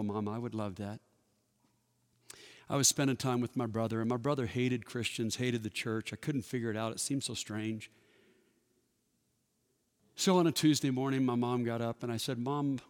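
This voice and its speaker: A man in his fifties speaking at a church workshop, telling personal stories in a folksy, conversational way and acting out the dialogue. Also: mid-range voice. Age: 50s. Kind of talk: personal storytelling talk. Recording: long reverb of a large hall.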